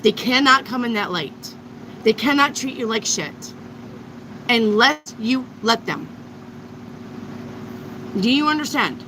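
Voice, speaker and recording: A woman's voice: on the high side, lively intonation, slow pace, pauses often, noisy background. A woman giving a live tarot reading to viewers, blunt and emphatic, with frequent swearing. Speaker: tarot reader.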